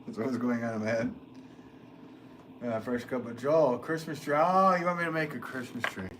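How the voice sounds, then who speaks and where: A man's voice: mid-range voice, moderate pace, a bit bright, a little hiss or hum, poor audio. A man chatting casually while he works during a live stream from his pottery studio, rambling, full of fillers, and laughing often.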